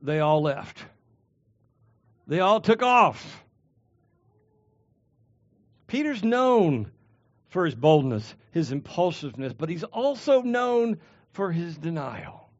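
A male pastor preaching a sermon, emphatic, with dramatic pauses and sudden drops and rises in volume. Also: a little high, sing-song, no echo, highs cut off.

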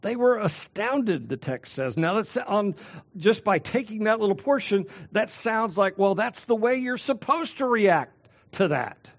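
A man preaching a sermon as a pastor, swinging between loud declarations and hushed, drawn-out phrases. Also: sits high, very animated, muffled recording.

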